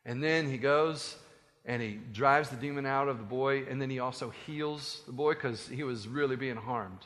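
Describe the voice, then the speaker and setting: Bright-voiced animated preaching man. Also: medium pitch, normal speed, in a large hall. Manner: animated, conversational, joking asides. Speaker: pastor. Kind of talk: sermon.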